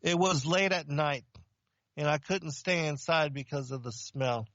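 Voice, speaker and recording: A man's voice: a little high, a little slow, fairly bright tone, no room sound, muffled recording. A man from Romania, preaching and telling his testimony plainly and earnestly in short sentences. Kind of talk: testimony sermon.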